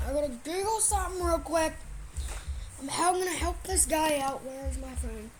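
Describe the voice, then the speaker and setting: A high-pitched woman reacting to a clip in a blunt, excitable rush, cursing freely. Faint background noise sits under her voice. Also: moderate pace, rough recording. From Australia. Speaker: reaction vlogger. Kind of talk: casual reaction commentary.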